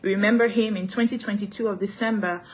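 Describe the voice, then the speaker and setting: A woman's voice: mid-range voice, fairly even intonation, fast. A young woman with a Cameroonian accent hosting a casual live-stream talk show. She greets commenters by name and moves easily between English and French, laughing often.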